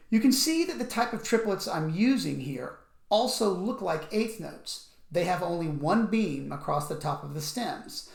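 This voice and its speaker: A man teaching music rhythm, explaining patiently and counting beats out loud. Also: high voice, gravelly. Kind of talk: instructional explanation with counting aloud. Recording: echoey room.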